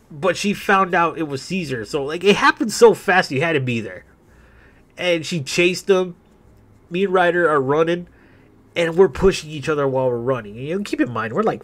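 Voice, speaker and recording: Young male gamer, slightly high voice, rambly and profane, casual storytelling. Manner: rambling, profane, laughing between sentences. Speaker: gaming channel host. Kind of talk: casual storytelling over gameplay.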